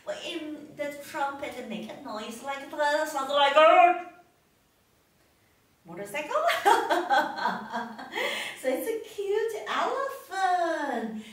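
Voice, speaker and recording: A woman reading a picture book to young children, teaching animal names with slow repetition for them to echo. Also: high voice. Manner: slow, lively, repeats words for children to echo. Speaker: storytime teacher. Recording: echoey, distant, noisy room.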